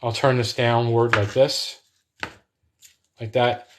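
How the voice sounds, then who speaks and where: A man's voice: mid-range voice, flat delivery, slow pace, noisy background. A man chatting to viewers in a rambling way while he cooks live in his home kitchen. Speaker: home cook hosting a live cooking stream. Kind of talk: casual live cooking demo with chat.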